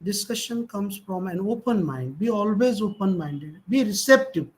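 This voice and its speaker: A man's voice: sits high, animated, normal speed, poor audio. A middle-aged man with an Indian English accent giving a motivational lecture to college students, emphatic and shifting his tone to show stress. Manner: emphatic, varies tone to demonstrate stress.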